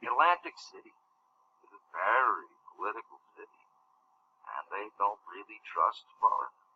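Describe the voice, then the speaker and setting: An actor playing a boastful, bossy tycoon with a New York accent. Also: male voice, fairly low pitch, expressive, moderate pace, noisy background. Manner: bragging, bossy. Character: boastful brash male tycoon. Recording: dull distant lo-fi film audio.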